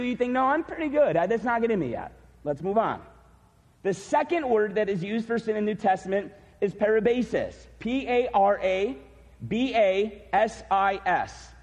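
A man preaching a sermon as pastor, earnest and self-deprecating, spelling out words slowly. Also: high voice, breathy edge, big-room sound. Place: church.

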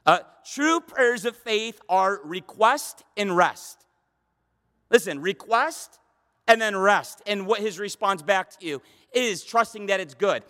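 A man's voice: high-pitched, expressive, takes it slowly, pushed and bright, big-room sound. A man preaching a sermon as pastor, impassioned and pleading, often repeating words for emphasis.

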